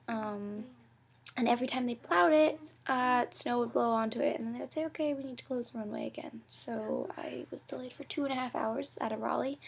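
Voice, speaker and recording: Husky young woman vlogging, half whispered. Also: on the high side. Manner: talks in fillers and acted-out quotes, often drops to a near whisper. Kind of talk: casual vlog recap.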